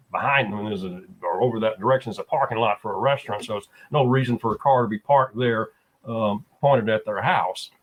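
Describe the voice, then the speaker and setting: A man's voice: mid-range voice, dull audio. A man talking as a guest, telling a story at an easy pace with frequent fillers. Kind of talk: casual conversation.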